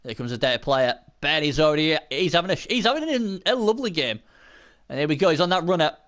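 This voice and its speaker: Excitable man commentating a game. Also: on the high side, fast. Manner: excitable, bursts into shouting at big plays; chatty, casual, swears. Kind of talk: live esports commentary.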